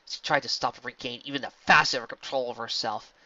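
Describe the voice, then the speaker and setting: A man narrating fan fiction in a steady, earnest storybook reading. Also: mid-range voice, fast, dull audio.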